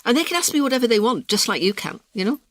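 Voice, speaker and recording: A woman's voice: fairly high pitch, big pitch swings, very fast, a bit bright, dry recording. A woman answering interview questions in a passionate, emphatic way. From Britain. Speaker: politician, interview guest.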